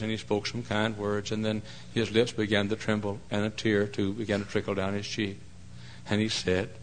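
A male pastor preaching a folksy, emphatic sermon that swings into loud cries. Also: lowish voice, little pitch movement, normal speed, a little hiss or hum.

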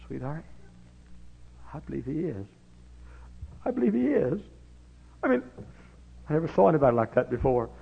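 A gravelly-voiced preacher playing an earnest little tax collector who pleads and insists, with a husky rasp. His words come through a dull, lo-fi old recording. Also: mid-range voice, animated, fairly quick, long pauses. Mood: eager. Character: eager rich man, a short tax collector.

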